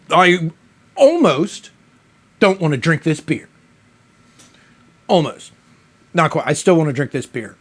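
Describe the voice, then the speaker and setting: A man's voice: on the high side, very animated, slow, long pauses, husky. A man reviewing a beer in a casual, rambling monologue, mock-outraged and profane.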